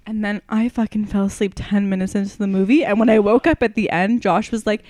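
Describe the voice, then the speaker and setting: A young woman who guests on a podcast and tells playful stories in a casual, animated chat. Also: mid-range voice, fast talker, hardly any pauses. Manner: playful, animated, imitates cute voices.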